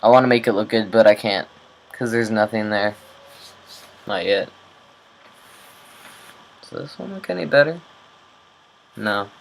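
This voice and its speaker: Slow-talking young man, casual vlog. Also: fairly low pitch, vocal fry, a little hiss or hum, poor audio. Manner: slow, rambling, swears casually. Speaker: vlogger. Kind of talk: casual video diary.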